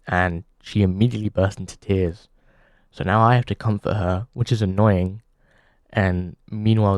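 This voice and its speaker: A man hosting a comedy show, delivering a halting deadpan monologue full of pauses. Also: low voice, no room sound.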